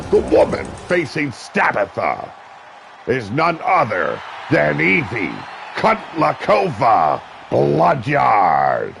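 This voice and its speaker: Brash, shouting wrestling commentator, gravelly man. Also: mid-range voice, huge pitch swings, slow, background noise. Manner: brash, profane, shouts at big moves. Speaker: play-by-play commentator.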